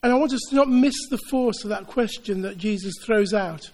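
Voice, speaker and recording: A man's voice: high voice, a little fast, a little mellow. Earnest male preacher in a reverberant hall. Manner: earnest, repetitive rhetorical build-ups. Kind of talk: sermon. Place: church.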